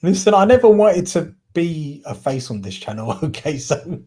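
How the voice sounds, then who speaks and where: A man's voice: a little high, sing-song, moderate pace, dark tone, husky. A man with a Cockney accent, co-hosting a casual chat and often stopping to correct himself mid-sentence. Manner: rambling, self-correcting, often trips over words. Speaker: podcast co-host.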